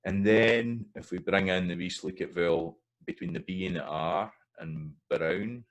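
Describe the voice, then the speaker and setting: Very low-voiced Scottish man teaching. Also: unhurried, poor audio. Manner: demonstrates sounds by saying example words and rhythms aloud. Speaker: language teacher. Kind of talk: explanatory talk over slides.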